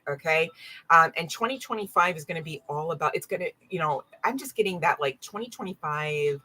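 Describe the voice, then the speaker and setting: A woman's voice: deep voice, pushed and bright, poor audio. A woman doing a casual live-stream tarot reading, chatty and full of "right?" and "okay?" asides, with dogs barking now and then. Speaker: tarot reader.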